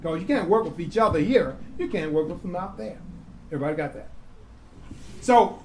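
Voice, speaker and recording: A man's voice: high voice, animated, brisk, a little mellow, a little hiss or hum, low-quality recording. Man teaching a class, quizzing with "what?". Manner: asks the class "what?" and answers himself, repeats key words. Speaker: grant-writing instructor. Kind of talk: classroom lecture with call-and-response questions. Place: community classroom.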